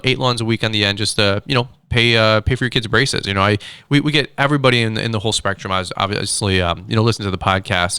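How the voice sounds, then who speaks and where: Fast-talking male podcast host. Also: mid-range voice, clean tone, no room sound. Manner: animated, quick, self-deprecating. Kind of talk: casual interview chat.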